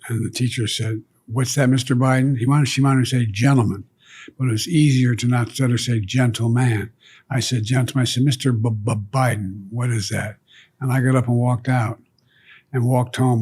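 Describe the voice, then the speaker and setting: An older man tells stories from his childhood in a husky voice. He speaks haltingly and restarts often as an interview guest. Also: medium pitch, a little mellow. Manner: halting, with many restarts and fillers. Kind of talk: storytelling in an interview. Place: seated indoors for an interview.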